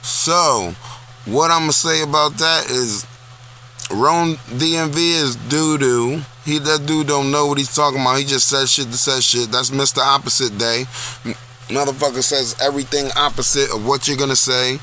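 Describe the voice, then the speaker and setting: A man on a loose, foul-mouthed rant, hammering each point home again and again. His voice is bright and forceful, pushed hard at the front. He is talking straight to his own audience. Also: medium pitch, fairly even intonation, normal speed, a little hiss or hum. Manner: blunt, profane, repetitive ranting. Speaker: vlog host. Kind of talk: casual profane rant. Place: small town.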